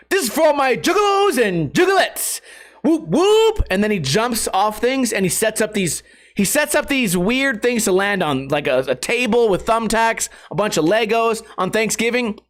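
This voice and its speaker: A man's voice: high-pitched, a bit bright. A man hosting a podcast, ranting casually about news stories and movies with heavy profanity and sarcasm. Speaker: podcast host. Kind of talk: casual rant.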